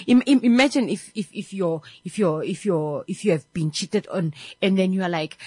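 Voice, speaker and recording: A woman's voice: fairly low pitch, normal speed, dry recording. A woman radio host talking in a chatty, affectionate way, often repeating herself. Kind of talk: casual radio talk.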